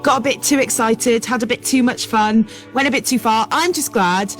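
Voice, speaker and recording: A female radio co-host chats in an easygoing, relaxed way. Her voice sits high, and faint music plays in the studio behind her. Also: moderate pace. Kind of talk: casual studio chat.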